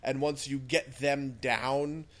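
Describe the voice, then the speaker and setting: A man's voice: mid-range voice, fairly even intonation, slow, fairly bright tone. A young man co-hosting a casual podcast, chatting about games with lots of fillers and strong opinions. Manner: rambling, filler-heavy, opinionated. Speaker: podcast co-host.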